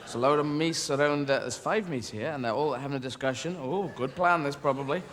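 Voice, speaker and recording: A man performing a stand-up comedy routine, animated and full of sudden silly voices, recorded live in a large theatre. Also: medium pitch, fast talker. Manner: animated, flips into many silly character voices. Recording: live stage recording in a reverberant hall with crowd noise.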